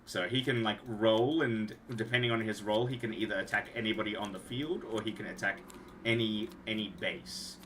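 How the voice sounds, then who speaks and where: A young man chats loosely on a home stream, often trailing off mid-sentence and circling back. His voice sits a little low but has a bright, forward edge. A faint hiss runs under the desk mic. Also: fairly even intonation, normal speed. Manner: rambling, trailing off and restarting. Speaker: streamer and card game designer. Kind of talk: casual livestream talk.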